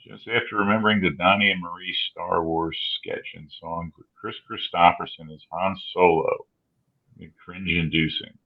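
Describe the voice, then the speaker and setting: A man's voice: low voice, fairly even intonation, moderate pace. A man co-hosting a casual chat, musing aloud and hedging his points. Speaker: podcast co-host. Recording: dull lo-fi sound.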